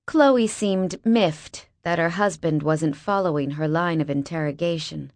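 An audiobook narrator reads a first-person novel, tossing in wry, sarcastic asides. Her low voice moves unhurriedly with few pauses, captured dry on a close mic.

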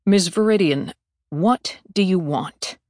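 A woman's voice: mid-range voice, normal speed, a little mellow, no echo, clean studio sound, voice pushed down, lightly acted. A woman reading an audiobook, voicing a stiff, formal male ambassador who speaks curtly.

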